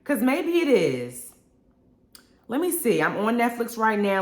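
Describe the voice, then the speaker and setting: With a higher, sing-song voice and an unhurried pace, a young adult woman chats casually on a live radio show, going through viewer comments. Expressive and quick to laugh, she drawls "honey" and "y'all" against a roomy echo.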